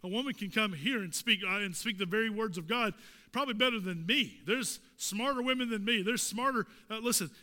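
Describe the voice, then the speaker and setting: A man's voice: high voice, a little fast, sharp tone, big-room sound. A male pastor preaching a sermon, asking the congregation pointed rhetorical questions with emphatic delivery. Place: church sanctuary.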